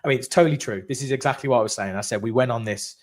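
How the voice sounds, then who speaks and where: A man's voice: mid-range voice, rapid-fire. A man co-hosting a live post-match fan chat, talking casually and animatedly, with the odd swear. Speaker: fan channel co-host.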